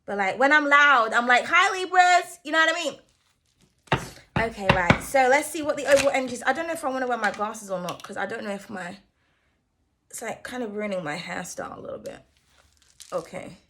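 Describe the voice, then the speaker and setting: A woman's voice: a little high, a little fast, long pauses, background noise. A young woman giving a casual tarot reading to her viewers, playful and loose, swearing freely and calling them darling. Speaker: tarot reader.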